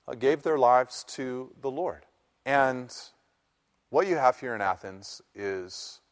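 A man preaching a sermon, swinging from loud, emphatic lines to soft, low ones. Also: long reverb tail. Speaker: pastor.

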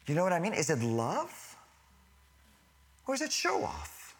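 With a high-sitting, creaky voice, a man preaches unhurriedly to his congregation, leaving long pauses. He shifts between animated bursts and hushed near-whispers, correcting himself and laughing in asides.

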